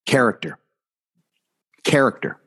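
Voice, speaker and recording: A man's voice: mid-range voice, animated, a little slow, a bit bright, husky. A man who coaches youth hockey, telling a story on a podcast in an emphatic, indignant way and repeating words for effect.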